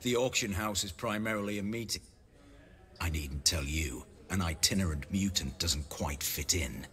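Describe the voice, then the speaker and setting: An actor voicing a cold, arrogant auction house owner in a video game who speaks condescendingly. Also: male voice, low-pitched, normal speed, fairly bright tone. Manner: condescending, haughty.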